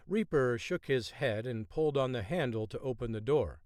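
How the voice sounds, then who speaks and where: Male audiobook narrator, measured and expressive, dry close recording. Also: mid-range voice, no echo.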